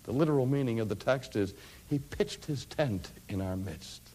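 Middle-aged preacher, hushed to ringing. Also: male voice, mid-range voice, lively intonation, normal speed. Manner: dramatic, swinging from hushed near-whispers to loud ringing climaxes. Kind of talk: sermon.

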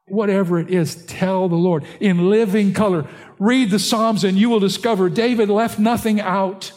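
An older man, a pastor, preaching an earnest sermon that climbs in pitch and force on key points. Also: fairly even intonation, moderate pace, a little mellow, long reverb tail.

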